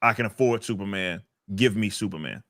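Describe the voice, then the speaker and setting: A man's voice: on the low side, a little fast, a bit bright, no room sound. Profane ranting man, dry sound. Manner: ranting, profane, repeats words while thinking. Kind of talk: casual podcast chat.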